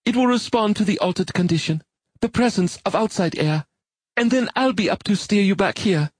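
A man voicing a brisk, commanding young woman diver who gives crisp instructions. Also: high voice, expressive, no echo, pitched above the performer's own voice. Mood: instructive. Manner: crisp and instructive, caustic edge.

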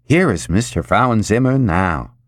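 A polite, formal male android speaks slowly and stiffly, as a man voices it. Each word is measured and respectful. The voice is low and close, with no room around it. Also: animated, dry recording.

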